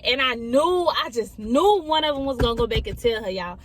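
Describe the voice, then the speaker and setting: A woman's voice: fairly high pitch, animated, moderate pace, few pauses, fairly bright tone, slight background noise. A young woman telling a personal story in a casual, chatty way, often repeating herself and talking straight to her listeners. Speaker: storyteller vlogger.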